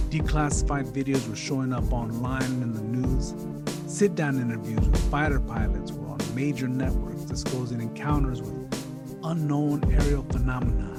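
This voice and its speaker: A male host narrates the intro in a calm, measured voice of ordinary pitch. Loud music plays beneath his words.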